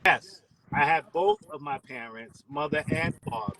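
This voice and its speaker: A middle-aged man joining a live stream as a guest by phone, relaxed and joking. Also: on the high side, a little slow. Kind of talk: casual chat. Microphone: phone on a video call. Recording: noisy phone audio.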